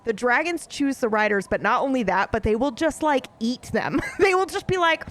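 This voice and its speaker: Excitable, foul-mouthed woman chatting to viewers. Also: high voice, moderate pace, hardly any pauses, slight background noise. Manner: profane, excitable storytelling with frequent laughs. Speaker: let's play streamer. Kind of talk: casual chat to viewers.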